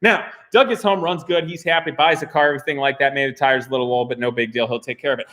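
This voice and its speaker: A man hosting a live stream from his workshop, chatting with his crew in an animated, joking way and laughing often. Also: mid-range voice, fast talker. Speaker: host of a car channel. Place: workshop garage.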